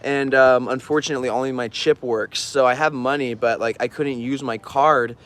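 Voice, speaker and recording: A man's voice: medium pitch, steady tone, moderate pace, few pauses, a bit bright, a little hiss or hum. A man telling stories casually on a livestream, rambling with lots of fillers and frequent laughs. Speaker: artist streaming an auction.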